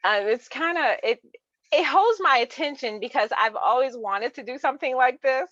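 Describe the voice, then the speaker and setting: A woman's voice: sits high, animated, normal speed, a bit bright, dry recording. Woman author, interview guest, chatty and laugh-prone; lo-fi dull recording. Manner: chatty, laughs often, many restarts. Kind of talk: casual chat about books.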